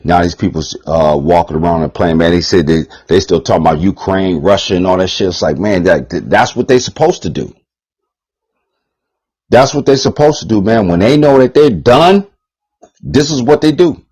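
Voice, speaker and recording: Low husky guy ranting on his channel, cussing a lot, keeps repeating stuff. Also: lively intonation, normal speed, a little mellow, poor audio. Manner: profane, repetitive, heated. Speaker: channel host. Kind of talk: rambling vlog monologue.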